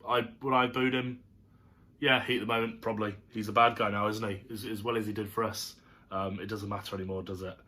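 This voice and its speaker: A man's voice: on the low side, little pitch movement, fast talker, pushed and bright. A man giving a chatty, rambling match review to camera, full of fillers and asides. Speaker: football fan reviewing a match. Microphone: camera setup.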